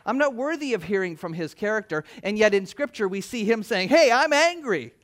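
A man preaching a sermon, retelling scripture in his own words and acting out the speakers in lively voices. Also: high voice, brisk. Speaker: pastor.

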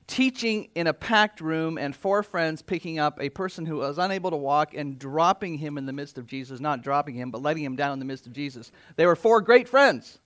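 A man preaching a sermon to his congregation in earnest, dropping to quiet asides and lifting his voice for exhortations. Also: fairly high pitch. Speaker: pastor. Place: church.

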